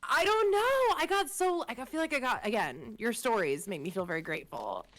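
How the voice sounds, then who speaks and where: A pregnant young woman co-hosting a podcast, chatting casually with quick asides. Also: fairly high pitch, big pitch swings, fairly bright tone. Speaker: podcast co-host.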